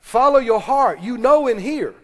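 A man preaching a sermon, calling on the congregation to respond and breaking into quick asides. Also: extremely high pitch, lively intonation. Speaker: pastor. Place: church sanctuary. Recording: long reverb of a church hall.

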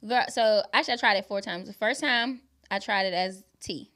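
A woman's voice: mid-range voice, a little fast, bright, forceful tone. A woman guest, a musician and actress, joking and laughing in casual slangy talk. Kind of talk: casual chat.

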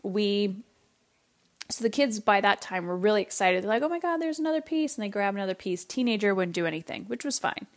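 A middle-aged woman from Canada hosting a parenting podcast, telling a story in a casual, animated way and acting out her family's lines. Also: mid-range voice, brisk. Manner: animated, acts out family voices, casual swearing.

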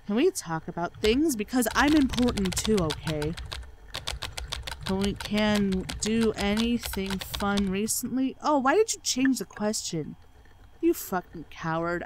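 Woman host for game commentary, sarcastic and swears freely, mid-pitched voice, faint hiss underneath. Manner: sarcastic, swears freely, mocks the game's dialogue. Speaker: let's play channel host. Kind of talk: gaming commentary.

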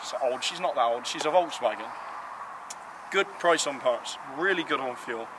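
A man presenting cars in a casual, enthusiastic vlog walkaround, talking emphatically and playfully. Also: fairly high pitch. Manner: playful, emphatic, lively rises on praise. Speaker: car vlogger presenting cars. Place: outdoors beside parked cars. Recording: outdoor street noise behind.

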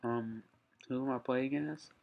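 Gaming host, male, unhurried casual commentary, lots of startled "oh"s, faint background hiss. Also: medium pitch, fairly even intonation, gravelly, muffled recording. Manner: frequent startled "oh" exclamations while playing; hums "da da da" while concentrating. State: slightly out of breath. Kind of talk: casual let's-play commentary.

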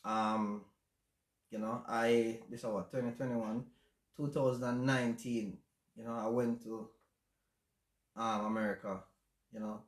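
A man with a Jamaican accent hosting a casual livestream chat, speaking in a reflective, halting way with many fillers. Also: medium pitch, level tone. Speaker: channel host. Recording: roomy echo.

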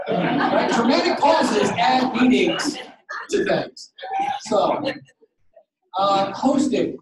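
A man giving a podcasting workshop to a live audience, animated and jokey, acting out quoted exchanges. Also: extremely high pitch, a little slow, pauses often, slight background noise. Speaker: workshop presenter. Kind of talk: conference talk with slides and Q and A. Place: conference room. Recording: roomy, distant room mic.

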